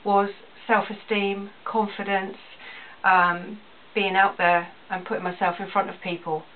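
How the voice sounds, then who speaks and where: Unhurried and level in tone, her mid-range voice comes through thin and far away, like a phone recording with a faint hiss. She's an Englishwoman with a small business, talking sincerely to the camera in her vlog and saying key phrases more than once for emphasis.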